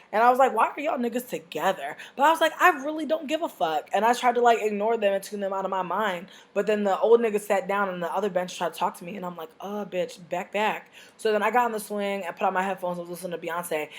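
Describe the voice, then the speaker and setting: A young woman vlogger rants her way through a casual storytime to camera in a medium-pitched voice. She's brash and profane, and her delivery swings wildly with animation.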